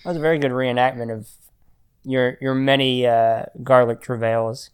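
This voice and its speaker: A man's voice: mid-range voice, steady tone, normal speed, smooth. A man hosting a podcast, chatting casually with dry, wry humor. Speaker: podcast host. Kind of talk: casual chat.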